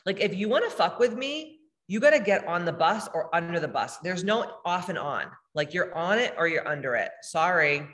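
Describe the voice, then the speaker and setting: A woman's voice: fairly low pitch, expressive, normal speed, hardly any pauses, fairly bright tone, big-room sound. A woman spiritual healer hosting a live meditation, talking casually and bluntly with lots of swearing as she reads chat comments. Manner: blunt, profane, emphatic.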